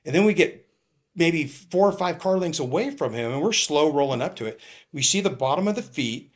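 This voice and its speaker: A man's voice: fairly high pitch, lively intonation, fairly quick. A middle-aged man with a Californian accent, a retired police captain telling a story in casual conversation, acting out the dialogue and laughing as he goes.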